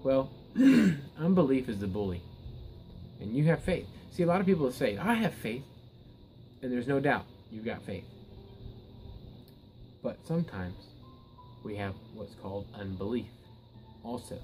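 A man's voice: mid-range voice, big pitch swings, a little slow, long pauses, a little mellow, soft background music, poor audio. A man preaching a Bible teaching sermon in an earnest way. He often repeats words and restarts his sentences, then rises to emphatic peaks.

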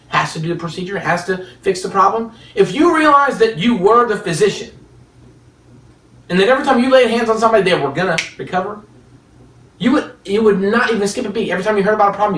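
A high-pitched man preaches at a quick clip with a fairly bright tone, weaving stories into his sermon. Between points come rhetorical questions and chuckles, and the recording is echoey with the microphone far away.

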